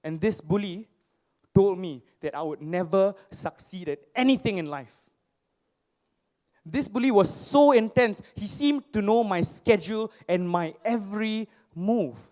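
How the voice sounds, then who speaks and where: A young man speaks from a stage to a live crowd, his voice pitched high. He tells personal stories with animated, playful self-mockery and often asks the audience questions. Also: a little slow. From Singapore. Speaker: motivational speaker.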